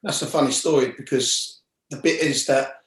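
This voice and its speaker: A man's voice: mid-range voice, moderate pace, roomy sound, poor audio. A man in his forties with a London accent, a former footballer telling stories as an interview guest and acting out the people he quotes. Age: 40s. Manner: animated, acts out quoted voices. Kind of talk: casual storytelling.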